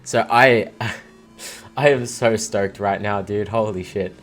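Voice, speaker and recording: A young man giving casual commentary on his own gameplay, rambling and excitable, full of "like" and "dude.". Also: on the low side, slow pace, soft background music. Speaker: let's play gamer.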